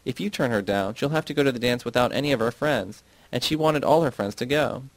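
A man reading the part of a devoted young daughter who speaks softly and pleads. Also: medium pitch, a little fast, no room sound, close to an everyday voice. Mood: pleading.

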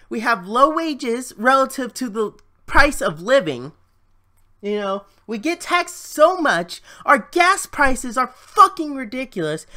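A woman's voice: sits high, sharp tone. A woman in a solo vlog, ranting about the economy in a heated, frustrated way with plenty of swearing. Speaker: vlogger. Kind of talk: solo political rant.

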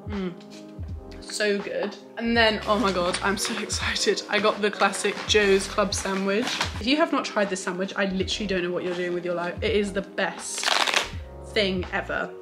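A young woman talks straight to camera in a casual vlog. Her chat is upbeat and loose, with "like" scattered through it, and clear music plays under her voice. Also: medium pitch, steady tone, normal speed. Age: young adult. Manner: chatty and upbeat, says "like" often. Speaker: vlogger.

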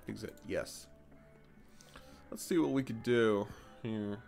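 A man giving casual, animated commentary while playing a store game, jumping to high excited exclamations and mock-polite shopkeeper lines. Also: slow pace, gravelly, pauses often, faint music behind. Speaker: gaming YouTuber.

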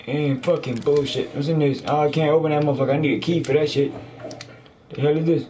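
A man with a slightly high voice gives loud, profane play-by-play of a game, joking and yelling at whatever he finds. Faint noise hums under his voice. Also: steady tone, quick pace. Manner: loud, crude, jokey running commentary with frequent cursing. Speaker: gamer. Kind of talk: profane let's play commentary.

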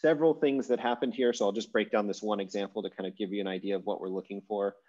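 A low-pitched man leads an online class in a loose, rambling way, full of fillers and restarts. His voice sits low and easy. The call audio is dull and lo-fi. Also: steady tone, quick pace, a little mellow. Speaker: online course teacher. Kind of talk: casual lecture over video call. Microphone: video call.

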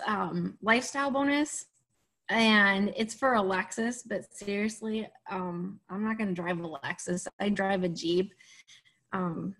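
Chatty woman with frequent ums. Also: medium pitch. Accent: Upper Peninsula Michigan. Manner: rambling, frequent ums, self-deprecating humor. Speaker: guest sharing her business story. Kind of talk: casual testimonial chat.

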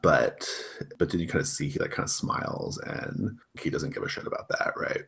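A man's voice: a bass voice, moderate pace, a bit bright. A man narrating a tabletop role-playing game as game master, casual and full of fillers. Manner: casual, filler-heavy, laughs a lot.

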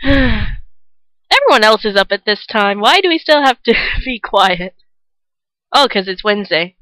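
A young adult co-op gamer chatting casually, loud, playful and often giggling. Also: mid-range voice, very animated, unhurried. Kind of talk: casual gameplay chat.

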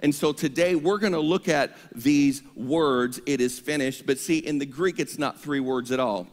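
A male pastor preaching an energetic sermon, leading the congregation in call-and-response. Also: fairly high pitch, normal speed. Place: church sanctuary. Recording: long reverb of a church hall.

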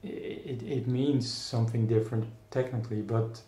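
His medium-pitched voice is steady and warm as this man from the Netherlands muses in an echoey room. He's an artist guest in a casual interview, speaking thoughtfully but haltingly, with plenty of restarts and fillers.

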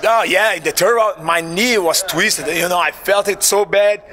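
A man with a Brazilian accent speaks earnestly after a fight, his voice bright and forceful and pitched a little high. He often stops and restarts his phrases. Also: moderate pace. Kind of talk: post-fight interview.

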